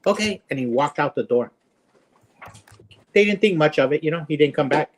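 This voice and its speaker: Podcast cohost, kinda high voice, dry slow storyteller. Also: male voice, animated. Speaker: podcast co-host. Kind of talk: casual chat.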